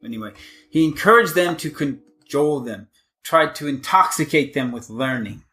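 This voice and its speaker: A man's voice: on the high side, animated, bright, forceful tone, soft background music. A man co-hosting a vocabulary podcast, reading example sentences and a poem aloud and reacting with interest to word histories. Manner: reads example sentences and verse in a measured way, reacts with surprise. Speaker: podcast co-host.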